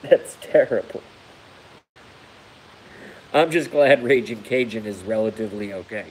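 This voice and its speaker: A man's voice: on the low side, fairly quick, a little hiss or hum, poor audio. A man hosting a rambling live stream, crude and self-mocking, laughing at his own jokes while hurt and unable to laugh without pain. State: injured, hurts when he laughs. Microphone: phone.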